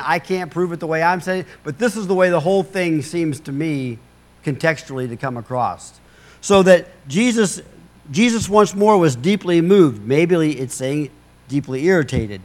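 A man preaching a sermon in a conversational way, with humorous asides, restarts and repeated words. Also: high voice. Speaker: pastor.

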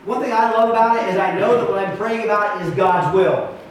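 A man's voice: sits high, fairly quick, a little hiss or hum. A man pastoring a church, teaching his group in an earnest, emphatic way, with many restarts. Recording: echoey room, mic far off.

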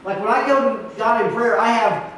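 A man's voice: high voice, moderate pace, a bit bright, a little hiss or hum. A man pastoring a church, teaching his group in an earnest, emphatic way, with many restarts. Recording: echoey room, mic far off.

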